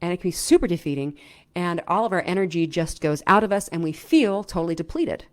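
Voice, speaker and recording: A middle-aged woman coaching viewers in a casual, chatty way, often checking in with "right?" and filling pauses with "um". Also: fairly low pitch. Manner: animated, chatty, lots of "right?" and "um". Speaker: self-help coach. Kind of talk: casual explainer talk to camera.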